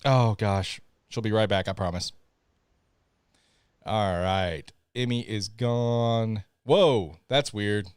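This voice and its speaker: A Southern-accented podcast host chats through a live stream, apologizing and laughing often while he fixes tech problems. His lowish voice is slow, smooth and a little mellow, recorded in studio quality with no room sound.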